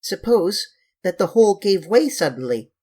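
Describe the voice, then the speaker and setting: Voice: mid-range voice, very animated, normal speed, a little mellow, slightly rough, pitched above the performer's own voice. A reader doing a timid, fanciful little girl. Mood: worried.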